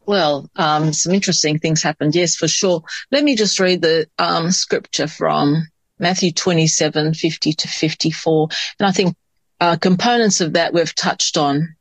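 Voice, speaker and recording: A man's voice: on the high side, fairly even intonation, normal speed, no room sound. A man in a Bible study discussion, reading scripture aloud and then commenting on it thoughtfully.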